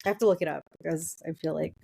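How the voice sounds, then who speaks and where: A woman's voice: sits low, fairly even intonation, very fast, creaky, warm tone. A woman co-hosting a podcast, chatting casually, asking curious questions and teasing in a friendly way. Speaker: podcast co-host. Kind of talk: casual chat.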